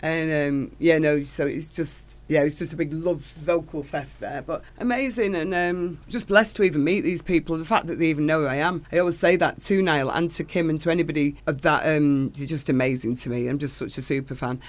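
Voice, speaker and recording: Excitable middle-aged lady gushing away in an interview. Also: low voice, fairly quick, few pauses. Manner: gushing, enthusiastic storytelling. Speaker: singer, interview guest. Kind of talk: casual interview chat.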